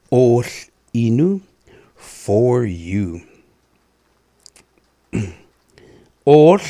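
Slow gravelly-voiced male radio host. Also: medium pitch, mellow, no echo, clean studio sound. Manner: slow, repeating each word carefully, clearing throat often. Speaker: radio host teaching indigenous language phrases. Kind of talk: slow radio language lesson with repetition.

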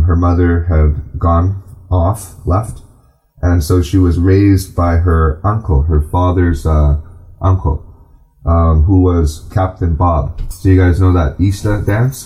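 Man, teacher, deep voice, slow delivery, frequent ums, informal class talk. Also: warm tone. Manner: unhurried, pausing often with ums and uhs. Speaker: language and culture teacher.

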